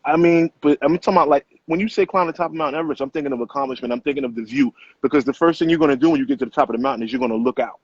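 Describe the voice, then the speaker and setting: A middle-aged man speaks as an author guest, telling stories at a rapid clip in loose, profane street slang. His voice is husky. The sound is dry and muffled, with a lo-fi tone. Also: mid-range voice, no echo. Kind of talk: casual interview storytelling.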